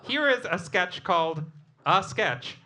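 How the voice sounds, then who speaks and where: A male host with a slightly raised voice introduces comedy acts, halting and chuckling. Loud noise and clicks sit under his voice. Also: sits high, animated. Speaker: show host. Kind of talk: hosting a comedy competition.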